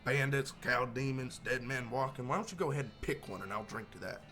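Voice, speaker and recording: A man's voice: medium pitch, a little fast, bright, forceful tone, faint music behind, natural voice. A man voicing a weary, hard-drinking woman doctor in a western game, sardonic and tired. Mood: exasperated.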